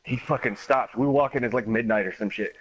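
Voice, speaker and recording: A man streaming a game, telling a long story in a casual, animated way, acting out other people's voices and swearing often. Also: medium pitch, quick pace, lo-fi sound. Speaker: gaming streamer. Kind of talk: casual storytelling while gaming.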